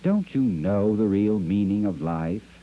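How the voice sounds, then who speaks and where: A man's voice: on the low side, animated, a little slow, pitched above the performer's own voice. A man reading as a solemn birdcage maker. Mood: disapproving. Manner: stern, disapproving questions. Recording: dull lo-fi archive recording.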